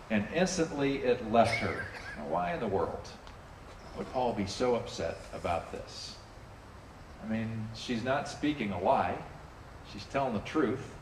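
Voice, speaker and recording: A man preaching a sermon to a congregation in a relaxed, conversational way, often asking listeners to join in. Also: medium pitch, moderate pace, slight background noise. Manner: conversational, animated, drops in playful character asides. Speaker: pastor. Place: church sanctuary with a congregation. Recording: roomy hall, distant mic, faint ambience.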